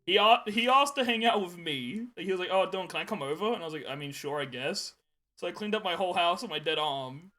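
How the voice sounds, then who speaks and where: A man's voice: high-pitched, expressive, fast, sharp tone. A young man co-hosting a podcast, telling rambling stories in casual chat and laughing often. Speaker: podcast co-host.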